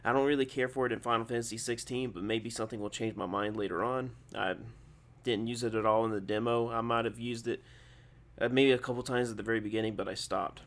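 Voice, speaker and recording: A man's voice: medium pitch, steady tone, quick pace, a bit bright. A young adult man hosting a gaming channel, giving casual video game commentary in a rambling, digressive way, often correcting himself and partly reading from his own post.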